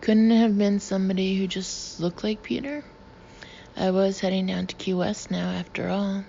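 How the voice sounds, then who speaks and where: A woman reading an audiobook in a hushed, sometimes breathy delivery. Her voice is mellow and carries vocal fry. The recording sounds slightly dull, with a faint hiss behind it. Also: medium pitch, little pitch movement, moderate pace. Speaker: audiobook narrator. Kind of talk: audiobook narration.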